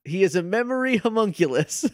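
A man's voice: sits high, expressive, brisk, dry recording. Wry man with a dry podcast sound. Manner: wry, laughing reactions and puzzled questions. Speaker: podcast co-host. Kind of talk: casual chat.

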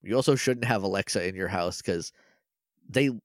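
Deep-voiced and moderately paced, this podcast co-host gives a casual rundown of a show episode with laughter and quoted voices. The sound is dry and of studio quality.

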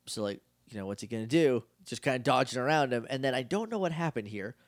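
A man's voice: medium pitch, lively intonation, fast, no room sound, studio quality. A man co-hosting a podcast, recapping a show in casual chat, laughing often and acting out the scenes. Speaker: podcast co-host.

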